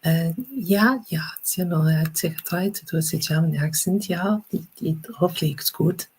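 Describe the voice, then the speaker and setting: Breathy, soft-spoken woman from England. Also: lowish voice, poor audio. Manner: soft-spoken with halting restarts. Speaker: podcast guest. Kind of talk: casual chat.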